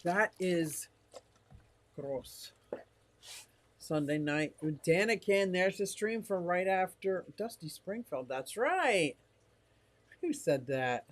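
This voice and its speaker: A man's voice: sits high, lively intonation, takes it slowly, pauses often, no echo. An older man live-streaming from his fish room, rambling casually and reading comments from the chat aloud.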